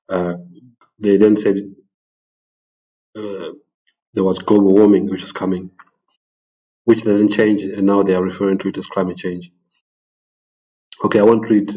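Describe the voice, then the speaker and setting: Low, flat-voiced man talking over slides. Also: muffled recording. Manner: halting, with many ums and restarts. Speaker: presenter of a religious channel. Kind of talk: unscripted talk over slides.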